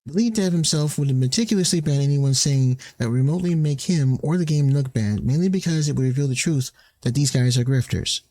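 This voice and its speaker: A man's voice: fairly high pitch, fairly quick, few pauses, warm tone, no room sound. A man streamer delivering a heated, swearing commentary rant that mocks the people he quotes.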